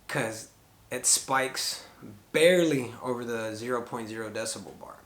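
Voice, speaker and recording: A man's voice: medium pitch, moderate pace, a bit bright, roomy sound. A middle-aged man telling a rambling story to the camera, full of fillers as he retells conversations. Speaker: paranormal vlogger.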